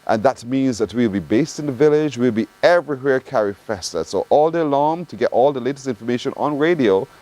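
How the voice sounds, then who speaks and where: A man's voice: mid-range voice, lively intonation, a little fast, darkish tone, low-quality recording. A man with a Barbadian accent hosting a morning call-in radio show, teasing callers with playful banter. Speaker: radio host.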